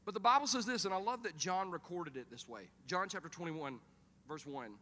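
Man, pastor, lively humorous sermon, bright tone, reverberant church hall. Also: sits high, fairly quick. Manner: animated, humorous storyteller. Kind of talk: sermon with storytelling. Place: church auditorium.

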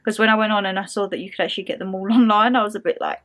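A woman's voice: mid-range voice, fairly even intonation, very fast, a bit bright. A woman chatting casually in a home vlog, rambling through stories and peppering them with "like". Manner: chatty, rambling storytelling with lots of "like". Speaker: vlogger.

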